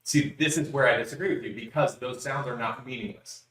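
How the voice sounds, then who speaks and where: A man's voice: medium pitch, fairly quick, a bit bright. A man co-hosting a podcast, arguing his point in casual debate, cutting in often and restarting sentences. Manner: argumentative, interrupts, hesitant restarts. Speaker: podcast co-host. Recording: roomy echo.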